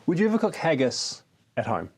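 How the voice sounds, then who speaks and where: A man's voice: on the high side, wildly swooping pitch, brisk, breathy edge. A man with a New Zealand accent, co-hosting a podcast in casual chat with a dry, understated manner. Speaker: podcast co-host.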